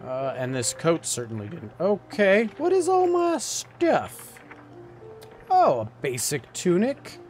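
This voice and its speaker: A man's voice: high voice, wildly swooping pitch, takes it slowly, faint music behind. A man hosting a let's play, chatting playfully and reading the game text aloud. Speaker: gaming video host.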